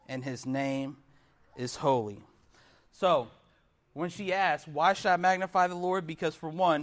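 With a slightly high, somewhat bright voice, this young preacher speaks earnestly and keeps asking his listeners questions throughout the sermon.

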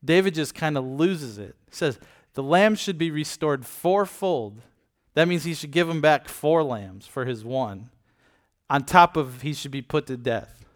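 A man's voice: mid-range voice, normal speed. A man giving a casual Bible teaching, retelling scripture in everyday words and checking in with listeners. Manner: addresses listeners with frequent "okay?" and "right?". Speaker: preacher.

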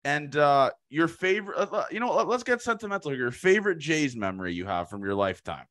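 A man co-hosting a sports podcast in casual chat, his voice hoarse, talking in an excitable, profane, laughing way. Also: on the high side, quick pace. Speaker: podcast co-host.

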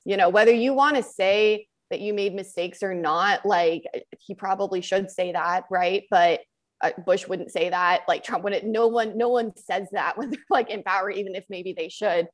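A woman co-hosts a casual podcast discussion in a middle-pitched voice. She thinks out loud in a conversational way and leans on "like" as she weighs her points. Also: moderate pace. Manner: thoughtful, peppers speech with "like". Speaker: podcast co-host.

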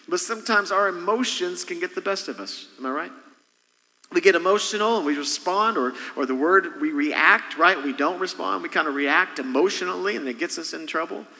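A man's voice: high voice, sharp tone, long reverb tail, poor audio. A man preaching a sermon as senior pastor, asking the congregation frequent rhetorical questions.

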